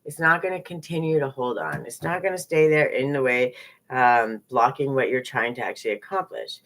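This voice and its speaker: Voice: medium pitch, animated, fairly bright tone. A speaker teaching a live-streamed lesson in a loose, conversational way. They keep checking in with "right?" and stack rhetorical questions one after another, greeting viewers as they go. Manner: repetitive and conversational, often tags lines with "right?"; rhetorical questions in rapid strings.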